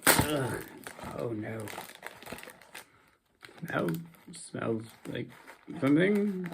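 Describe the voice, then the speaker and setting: A sleep-deprived young vlogger rambles through a casual chat in an unhurried drawl. The voice stays mid-pitched but swings up and down a lot, sinking into drowsy mumbles and then jumping into sudden animated bursts. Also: creaky, background noise.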